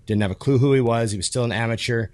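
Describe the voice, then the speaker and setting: A man's voice: medium pitch, quick pace, dry recording. A man co-hosting a podcast, telling stories in casual chat with plenty of cursing. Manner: profane, animated storyteller. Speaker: podcast co-host.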